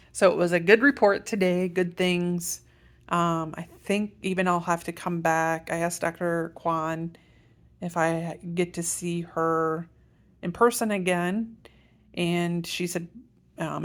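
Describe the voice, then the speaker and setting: A middle-aged woman with a low, gravelly voice gives a casual vlog update. She rambles and corrects herself as she walks through her medication plan. She talks like she is chatting to a friend. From Iowa, USA. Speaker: patient sharing a health update.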